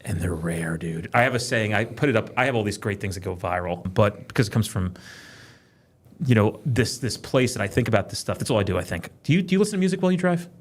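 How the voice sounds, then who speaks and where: A man talking in a casual podcast chat, profane and quick, telling animated stories about his kids and work. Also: on the low side. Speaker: podcast guest, police trainer.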